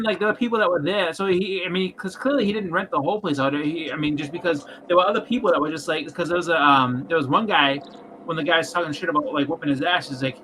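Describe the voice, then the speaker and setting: A man talking fast in a loose, rambling way, circling back on himself. His voice sits a bit high and sounds bright and forceful. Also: a little hiss or hum. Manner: rambling, many restarts and acted-out quotes. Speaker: podcast co-host. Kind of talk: casual chat.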